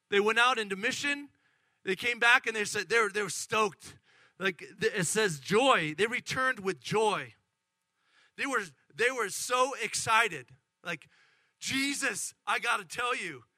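A middle-aged man preaching a lively sermon, acting out excited voices and asking the congregation questions. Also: sits high, no echo. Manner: animated, acts out excited voices, addresses congregation. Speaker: pastor.

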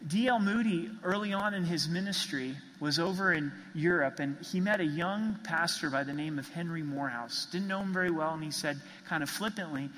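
A man's voice: fairly high pitch, fairly quick, few pauses, fairly bright tone, big-room sound, low-quality recording. A man preaching a sermon as pastor, earnest and emphatic, driving points home with repeated phrases.

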